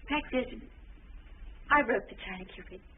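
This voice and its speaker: An actress playing a shy, timid young wife in a 1940s film drama, hesitant and apologetic, often stammering. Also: female voice, a little high, expressive, moderate pace, slightly rough. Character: shy, timid young bride, unsure of herself. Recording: tinny old film soundtrack with hiss.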